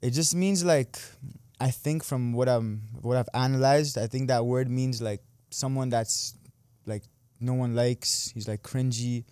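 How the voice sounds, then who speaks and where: A man's voice: mid-range voice, fairly even intonation, unhurried, darkish tone, clean tone, dry recording. A young man from Canada, an online creator and amateur boxer, chatting casually as a guest and trailing off with lots of "like". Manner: laid-back, laughs easily, trails off with "like". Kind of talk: casual interview chat.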